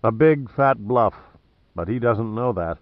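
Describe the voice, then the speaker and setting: A man's voice: medium pitch, expressive, dry recording, narrow, tinny audio. A man playing a wry, cocky adventurer. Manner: dry, mocking and deliberate. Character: wry, cocky male adventurer, cool under threat.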